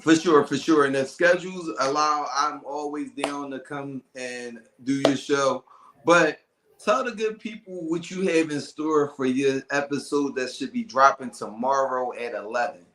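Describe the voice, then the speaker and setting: A man hosting a casual podcast chat, animated and loose with slang, often laughing. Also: mid-range voice, measured pace, reverberant, rough recording. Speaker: podcast host.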